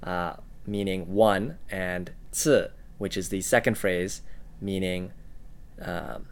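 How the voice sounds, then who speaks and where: A man co-hosting a language-learning podcast, giving word examples in a measured, halting way with frequent "uh". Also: deep voice. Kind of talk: casual explanatory teaching.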